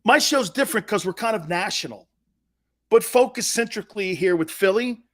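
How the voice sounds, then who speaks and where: A man's voice: high voice, animated, normal speed, a bit bright. A man hosting a sports talk show in a blunt, profane, mocking monologue, laughing often.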